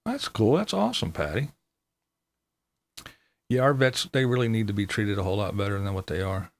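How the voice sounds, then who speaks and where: A man's voice: on the low side, moderate pace. A man hosting a casual livestream, reading viewer comments aloud in a laid-back way and chuckling often. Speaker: livestream host.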